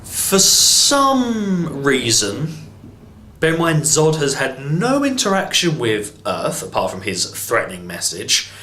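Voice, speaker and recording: A man's voice: medium pitch, animated, normal speed, few pauses, fairly bright tone, echoey room, slight background noise. An English man reviewing a film in an exasperated, sarcastic rant, swearing freely. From England. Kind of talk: ranting movie review.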